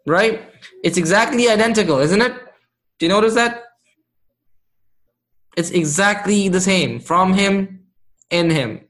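Slow, patient man teaching a class. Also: sits high, fairly bright tone. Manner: slow, patient, checks in with students often. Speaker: Arabic grammar teacher. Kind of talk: live class lesson.

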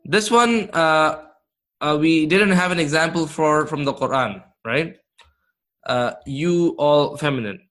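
With a fairly high, slightly bright voice, this Arabic teacher from Canada runs an interactive grammar lesson. He goes slowly, encourages his students, and follows each quiz question with quick praise for their answers.

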